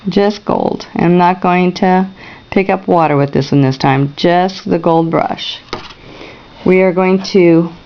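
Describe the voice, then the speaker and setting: A woman's voice: fairly low pitch, slow pace, muffled recording. A woman teaching a painting class, talking viewers through each brush stroke and checking in with them. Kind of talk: step-by-step painting demonstration.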